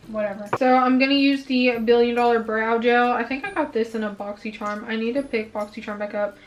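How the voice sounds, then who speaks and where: A young beauty vlogger films a casual makeup review at home, chatting and venting her frustration while a bit out of breath. Her voice is fairly high, and the audio is poor.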